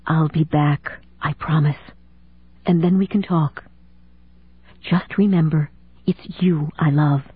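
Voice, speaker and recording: A woman reading an audiobook, voicing a divorced father who speaks in a low, earnest and tender way. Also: fairly even intonation, slow pace, pauses often, slightly rough, heavily acted. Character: adult man, divorced father, earnest lover. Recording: dry tinny phone-like sound.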